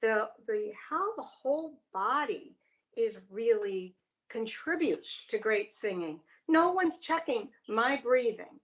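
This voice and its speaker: A woman's voice: a little high, expressive, slow pace, dull audio. A woman who studies voice, answering questions thoughtfully with hesitant starts. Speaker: voice student. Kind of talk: conversational interview.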